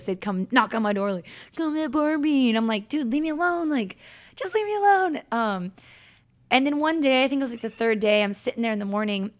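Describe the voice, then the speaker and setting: A young woman talking as a podcast guest, telling her story in a chatty, animated way. She restarts her sentences and fills them with "like," and her voice sits at a middle pitch. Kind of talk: casual interview storytelling.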